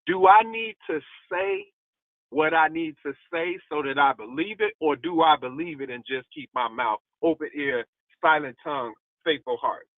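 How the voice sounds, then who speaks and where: A man's voice: a little high, moderate pace, dry recording. A man giving a motivational devotional talk as a preacher, emphatic and testifying, repeating key lines for emphasis. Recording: tinny phone-like audio, dry.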